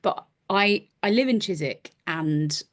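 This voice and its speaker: A woman's voice: mid-range voice, lively intonation, takes it slowly. A woman in her forties, a podcast guest and performer, telling casual self-deprecating stories and acting out her own lines. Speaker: podcast guest, actor and musician. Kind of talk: casual anecdotal chat.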